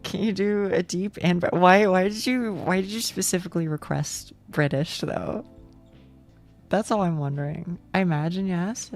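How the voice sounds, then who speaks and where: A woman's voice: on the low side, moderate pace, faint music behind. A young woman streaming, chatting casually with viewers, rambling and swearing with frequent laughs.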